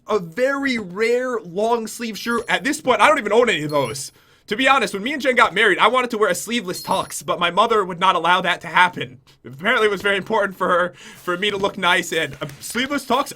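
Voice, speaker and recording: A man's voice: sits high, sharp tone. A young man from Connecticut chatting to his viewers in a self-mocking YouTube vlog. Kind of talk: casual vlog confession.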